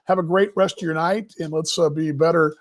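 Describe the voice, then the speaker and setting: A man's voice: fairly high pitch, steady tone, fairly quick. A man hosting a casual baseball live stream from his family home, rambling and folksy with many fillers. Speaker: baseball show host.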